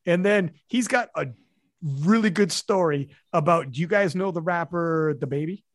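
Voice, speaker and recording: A man hosting a podcast in casual chat, telling stories in a profane, animated way. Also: fairly high pitch, normal speed, dry recording, studio quality. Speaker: podcast host.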